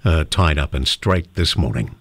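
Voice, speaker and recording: A man's voice: rumbling low, lively intonation, normal speed, fairly bright tone, husky, dry recording. A man with an Australian accent hosting a casual phone-in radio show, chatty and jokey. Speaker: radio host.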